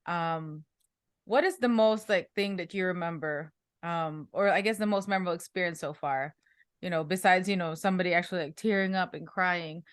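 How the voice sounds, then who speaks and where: A woman's voice: lowish voice, normal speed, clear, resonant tone, no room sound, studio quality. A woman in her thirties co-hosting an interview, chatty and full of fillers. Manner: chatty, laughs often, many fillers. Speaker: podcast co-host. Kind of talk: casual interview conversation.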